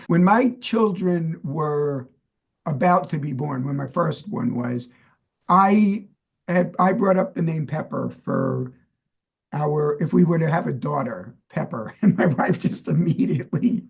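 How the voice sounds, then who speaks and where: New York co-host, husky, gravelly, higher voice, playful quizzer. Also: male voice, expressive, unhurried. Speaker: podcast co-host. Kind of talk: casual chat.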